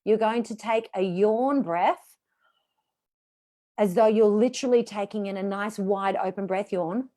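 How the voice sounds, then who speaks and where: A woman voice coach guides an online class through vocal exercises. She is chatty and encouraging, with a pitch neither high nor low for a woman. She talks her students through each step. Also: measured pace, mellow. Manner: instructive, demonstrating vocal exercises. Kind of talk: live online voice workshop.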